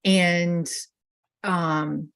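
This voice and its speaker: A woman's voice: lowish voice, steady tone, extremely slow, gravelly, fairly bright tone, smooth. Casting: middle-aged woman, webinar presenter, anecdotal, chatty, talks in restarts. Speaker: event planning speaker.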